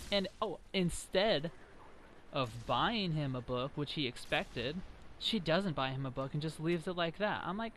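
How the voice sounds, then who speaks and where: A man's voice: a little high, lively intonation, unhurried, a bit bright, slight background noise. A young man ranting casually while he plays a game, chatty and exasperated, trash-talking now and then. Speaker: gaming vlogger. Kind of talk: casual rant over gameplay.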